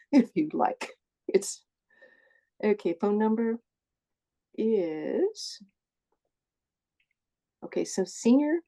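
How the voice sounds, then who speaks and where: A woman with a mellow, slightly low voice speaks into earbuds on a call. She is chatty and leads a group session, often stopping to correct herself or say sorry. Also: vocal fry. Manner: chatty, self-correcting, apologetic. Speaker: presenter of a support group session. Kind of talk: casual presentation on a video call. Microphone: earbuds with a phone.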